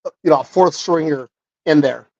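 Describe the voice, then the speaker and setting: A man co-hosting a casual sports podcast, rambling and excitable, often correcting himself, heard over a remote call. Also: fairly high pitch, normal speed, gravelly, no echo. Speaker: podcast co-host. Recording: muffled dry remote call audio.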